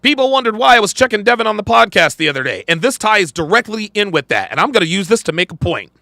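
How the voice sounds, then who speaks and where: A man's voice: high voice, big pitch swings, fast talker, creaky, pushed and bright, no echo. A man hosting a podcast, reacting to a clip in emphatic, profane commentary and repeating his points.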